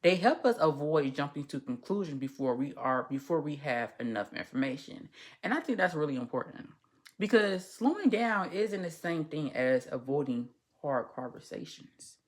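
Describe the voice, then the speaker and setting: A woman's voice: sits low, sing-song, normal speed. A woman hosting a casual commentary podcast, speaking as a social worker, candid and rambling, swearing freely and tripping over her words. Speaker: podcast host.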